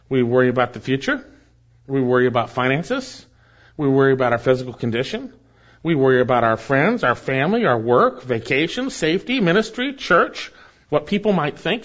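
A male pastor preaching a sermon, rising for emphasis and then dropping soft. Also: medium pitch, muffled recording.

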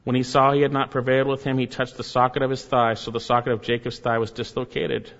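A man preaching a sermon, asking rhetorical questions and repeating key phrases, his voice swinging from high and loud to low and quiet. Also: little pitch movement, fast talker. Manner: repeats key phrases, rhetorical questions, rises and drops sharply in pitch and volume. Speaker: pastor. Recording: dull sound in a hall with long echo.

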